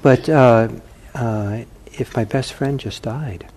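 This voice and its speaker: A man teaching meditation who answers questions from the audience in a calm, gently humorous way and thinks aloud as he talks. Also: medium pitch, slow pace, a little hiss or hum.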